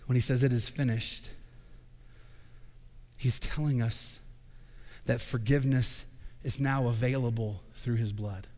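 Male pastor, sermon, swells from hush to shouting, long church-hall reverb. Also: mid-range voice, steady tone, measured pace, pauses often. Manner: builds from quiet to shouting proclamation. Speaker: senior pastor. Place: church sanctuary.

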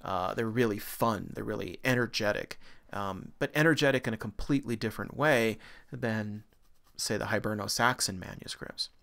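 A man's voice: on the low side, moderate pace, gravelly, fairly bright tone. Enthusiastic male art history lecturer. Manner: enthusiastic, pointing things out on slides. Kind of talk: recorded university lecture.

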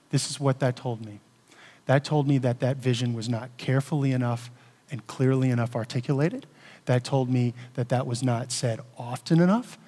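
A man's voice: medium pitch, warm tone. A pastor addressing his congregation at a church meeting, earnest and emotional, often checking in with the room. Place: church sanctuary. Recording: long hall reverb.

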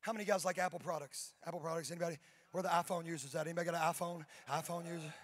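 A man preaching a sermon as pastor to his congregation, moving from quiet talk to loud, building preaching. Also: a little high, steady tone, very fast. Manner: talks with members of the audience on stage. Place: church stage before a congregation.

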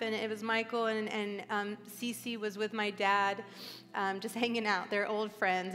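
A woman's voice: a little high, fairly bright tone. Tearful woman preaching in a hall. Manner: emotional, tearful, earnest preaching. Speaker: pastor. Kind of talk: sermon. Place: large church hall. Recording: live church hall reverb.

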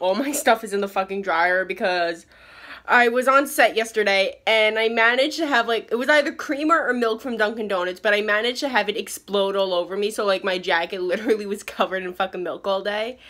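Young woman vlogger, mid-pitched, rambling bathroom chatter full of swearing. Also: fairly quick, pushed and bright. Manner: chatty, rambling, swears a lot and laughs often. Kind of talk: casual chat. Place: bathroom, in a towel.

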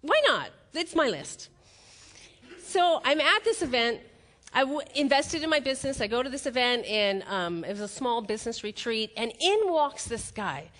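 A woman's voice: fairly high pitch, normal speed. A middle-aged woman giving a motivational keynote on stage before a live audience, telling stories and acting out the quotes. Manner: animated storytelling, acts out quotes, laughs at own jokes.

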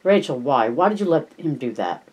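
A man reading aloud as a tired, short-tempered doctor and father who answers in curt, low, muttered lines. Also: big pitch swings, normal speed, darkish tone, husky.

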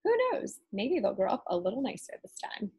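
A woman teacher reading a Halloween picture book aloud to children with expressive storytelling. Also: mid-range voice, brisk, vocal fry, slightly rough, low-quality recording.

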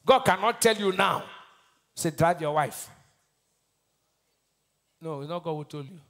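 At a measured pace, a Nigerian-accented pastor with a slightly high, animated voice delivers a sermon. Quizzing the congregation call-and-response style, he moves back and forth between loud proclamations and hushed lines.

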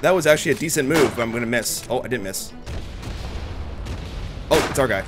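A man giving excitable, profane gameplay commentary, shouting battle cries while he plays. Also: medium pitch, a little fast. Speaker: gaming YouTuber. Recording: game music and gunfire behind. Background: game music and gunfire.

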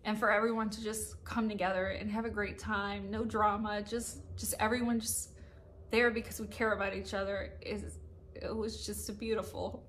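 A middle-aged woman speaks in a casual vlog straight to her viewers, emotional and close to tears, often laughing and restarting her sentences. Her voice sits at an ordinary middle pitch, and a faint hum of room ambience runs underneath. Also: little pitch movement, moderate pace, a bit bright. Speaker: casino slot vlogger. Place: hotel room upstairs at a casino.

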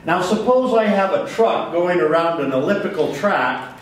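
A man's voice: high voice, expressive, moderate pace, recorded from a distance. A man giving a physics lecture to a class, asking questions and answering them himself. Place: lecture hall. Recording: very echoey hall, voice from off-mic.

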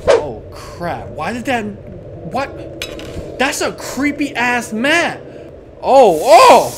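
A man's voice: very high-pitched, sing-song, drawn-out words, noisy background. A young man streaming a horror game, talking in slang, swearing and crying out at every scare. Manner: jumpy, loud outbursts, swearing slang. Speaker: gaming channel host.

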